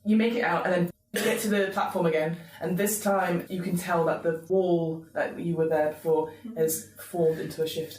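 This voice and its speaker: A woman's voice: on the low side, fairly even intonation, moderate pace, few pauses, a little mellow, distant mic. Woman game master, echoey room. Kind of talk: narrating a tabletop game.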